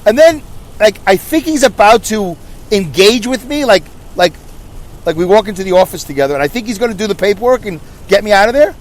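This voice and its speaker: A man's voice: high-pitched, animated, brisk. A middle-aged man hosting a podcast, telling a ranting story and acting out other people's lines. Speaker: podcast host. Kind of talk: ranting monologue.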